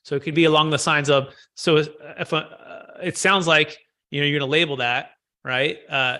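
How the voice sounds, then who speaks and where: Male sales trainer, bright and a bit high-pitched, coaching and repeating key points. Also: steady tone, moderate pace. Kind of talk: live training session.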